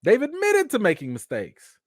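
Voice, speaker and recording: A man's voice: very high-pitched, wildly swooping pitch, normal speed, no echo, studio quality. A man giving casual live-stream commentary, emphatic and slangy, firing off rhetorical questions.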